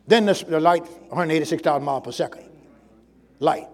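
A man preaching a sermon with emphasis, swinging from loud calls to low, quick asides. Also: expressive. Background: congregation.

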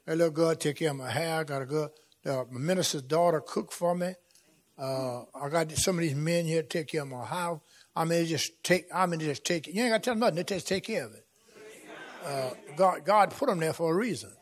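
A man preaching a sermon as pastor, folksy and repetitive, swelling into shouts. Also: fairly high pitch, brisk. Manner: casual folksy speech with "y'all" and "ain't". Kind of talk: fiery sermon. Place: church sanctuary with congregation.

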